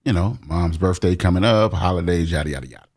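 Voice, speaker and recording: A man's voice: sits low, fast, a little mellow. A middle-aged man co-hosting a podcast, talking emphatically and expressively in casual chat. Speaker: podcast co-host.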